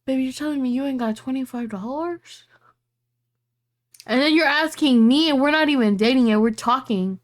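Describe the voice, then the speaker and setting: A young woman co-hosting a podcast, telling stories in an animated, gossipy way with plenty of swearing. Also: high-pitched, moderate pace. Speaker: podcast co-host. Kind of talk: casual chat.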